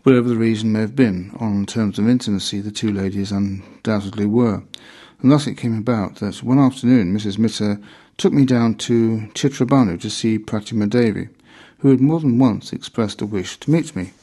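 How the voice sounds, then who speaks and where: A man reading a memoir aloud in measured, deliberate scripted narration. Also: fairly low pitch, dark tone.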